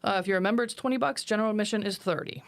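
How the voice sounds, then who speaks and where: A woman's voice: medium pitch, racing, no echo. A woman co-hosting a talk show, chatting casually and reading out details. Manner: reads out details, laughs easily. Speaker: co-host. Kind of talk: casual chat.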